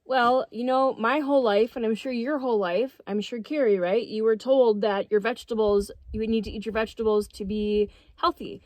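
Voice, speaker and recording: A woman's voice: fairly high pitch, fairly even intonation, normal speed, hardly any pauses, a little mellow, no echo. A middle-aged woman co-hosting a casual vlog outdoors on a homestead, talking in an earnest, emotional and emphatic way. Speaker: co-host.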